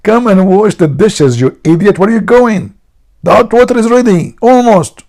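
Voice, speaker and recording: A man's voice: sits high, lively intonation, moderate pace, a little mellow, pitched above the performer's own voice. A man doing a screeching bossy wife. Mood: scolding. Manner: screeching, scolding. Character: bossy shouting wife, woman, adult.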